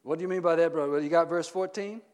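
A middle-aged man preaching a sermon as pastor, often asking the congregation questions and swinging between loud emphatic peaks and quiet low stretches. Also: racing. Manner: call-and-response preaching, asks the congregation questions.

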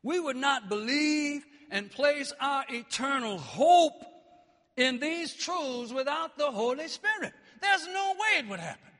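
A man preaching a sermon with passion, dropping low and then rising to shouts. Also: expressive, unhurried, long reverb tail. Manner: impassioned, swings between quiet and shouting.

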